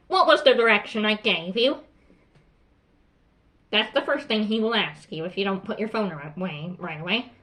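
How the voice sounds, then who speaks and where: A woman voicing a strict but calm female school principal in a hobby role-play skit, firm and instructive, tagging her points with "okay?". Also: on the high side.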